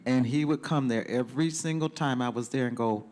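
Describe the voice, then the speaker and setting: A man on a discussion panel tells animated stories from his DJ and radio days, acting out the voices of people he quotes. His voice sits at a middle pitch. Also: fairly quick, hardly any pauses.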